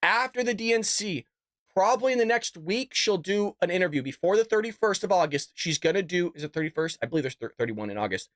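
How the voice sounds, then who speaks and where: A man's voice: sits high, big pitch swings, fast talker, fairly bright tone, no echo, clean studio sound. A man hosting an unscripted political commentary livestream, talking in a fired-up, sarcastic rant. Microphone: desk microphone and camera.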